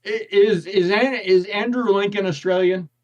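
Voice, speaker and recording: American guy rambling on a stream, higher voice, muffled lo-fi sound. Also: fairly even intonation, moderate pace, darkish tone. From United States. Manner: rambling, many restarts and filler words. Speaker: co-host of a blacksmithing livestream. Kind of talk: casual chat. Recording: dull lo-fi livestream audio.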